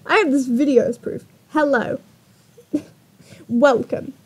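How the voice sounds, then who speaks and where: A woman's voice: sits high, steady tone, takes it slowly, darkish tone, slightly rough. A young woman YouTuber telling a dating story in a casual, exasperated vlog style, often laughing.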